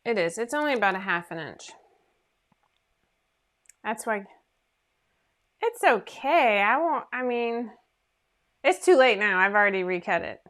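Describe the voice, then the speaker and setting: A woman's voice: mid-range voice, animated, unhurried, pauses often, fairly bright tone. A woman hosting a casual sewing livestream from her home sewing room, chatting in a rambling, self-deprecating way into her computer microphone.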